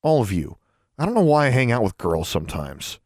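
A man reading an audiobook, voicing a brash teenage boy who teases his friends loudly. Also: mid-range voice, big pitch swings, brisk, no echo, clean studio sound. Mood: grumbling. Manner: loud guffawing teasing, then grumbling. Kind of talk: audiobook character voice.

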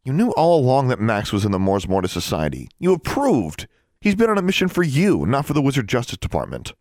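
A man's voice: deep voice, big pitch swings, normal speed, dry recording, clean studio sound. A man voicing a defiant, sullen teenage witch girl who snaps and demands answers. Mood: accusing. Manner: snapping, indignant, demanding.

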